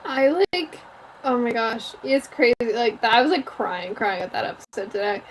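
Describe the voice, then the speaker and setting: A woman's voice: a little high, expressive, moderate pace, slight background noise. A young woman co-hosting a podcast in casual chat, chatty and giggly, full of filler words. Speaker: podcast co-host.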